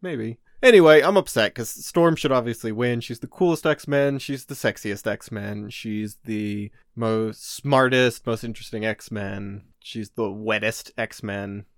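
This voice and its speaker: A man's voice: on the low side, unhurried, hardly any pauses, dry recording, clean studio sound. A man co-hosting a podcast in casual chat, talking loosely, laughing often and reading out listener mail. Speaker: podcast co-host.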